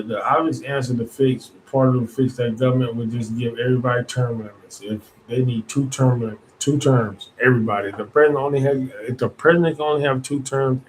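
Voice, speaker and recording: A man's voice: medium pitch, a little hiss or hum, low-quality recording. A man hosting his own podcast, giving a casual, rambling monologue in colloquial speech, full of restarts and asides. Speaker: podcast host.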